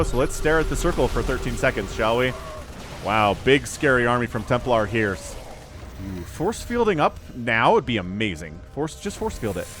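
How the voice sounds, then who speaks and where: A man casting a strategy game match, jokey and excitable, reading viewers' chat aloud as he goes. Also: medium pitch. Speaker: game caster. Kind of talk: lively esports commentary.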